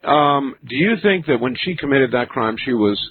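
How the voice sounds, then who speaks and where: A man hosting a late-night call-in radio show, musing slowly with many fillers. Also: medium pitch, lively intonation, breathy edge. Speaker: radio talk show host. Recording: narrow phone-like radio broadcast with faint hiss.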